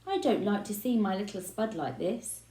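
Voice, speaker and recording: A woman's voice: mid-range voice, moderate pace, dark tone, close to an everyday voice. A woman reading aloud and voicing a short-tempered father who barks stern orders. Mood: gentle. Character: short-tempered billionaire dad. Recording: roomy echo.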